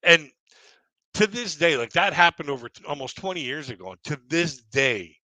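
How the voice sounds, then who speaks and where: A man's voice: fairly high pitch, lively intonation, normal speed, bright, forceful tone, no echo. A middle-aged man doing casual stand-up storytelling, rambling and chuckling at his own jokes. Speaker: stand-up comedian. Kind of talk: casual stand-up storytelling on a live audio panel.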